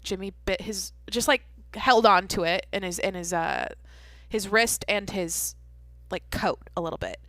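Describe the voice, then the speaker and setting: A woman's voice: mid-range voice, measured pace, fairly bright tone, no echo. A young adult woman hosting a podcast, telling a story in rambling casual chat, swearing freely with many fillers and restarts. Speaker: podcast host.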